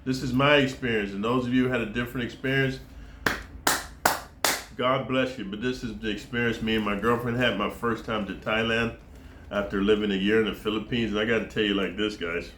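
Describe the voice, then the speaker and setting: A man's voice: on the low side, fairly even intonation, brisk, roomy sound, background noise. An American man vlogging in a casual monologue, rambling and profane, constantly tossing in "dude" and "man". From United States.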